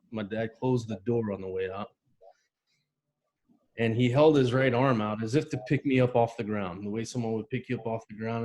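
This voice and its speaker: A mid-pitched man, a veteran guest, recounts a personal memory in an interview. He tells it vividly and acts out the voices and sounds in it. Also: darkish tone, a little hiss or hum. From United States. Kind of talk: emotional personal storytelling.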